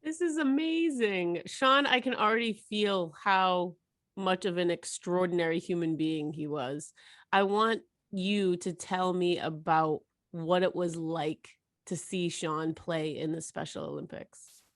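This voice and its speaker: A woman's voice: on the low side, unhurried, fairly bright tone, no room sound, clean studio sound. A woman hosting a podcast interview, earnest and affirming as she asks questions. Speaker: podcast host. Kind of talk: interview conversation.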